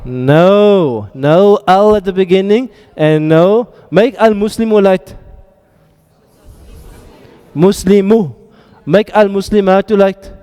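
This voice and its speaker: A male teacher leads a classroom lecture with a high, mellow voice. He quizzes the students and drops playful jokes between drills. A long reverb hangs on every word. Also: slow pace, clear, resonant tone. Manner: quizzing students, joking asides. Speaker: Arabic grammar teacher.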